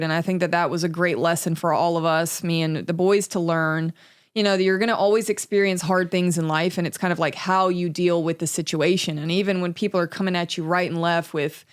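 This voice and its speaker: A young woman from Alabama, a podcast guest talking in a reflective, unhurried way with lots of "you know"s. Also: fairly low pitch, steady tone, clean tone. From Alabama, US South. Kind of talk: casual conversational interview.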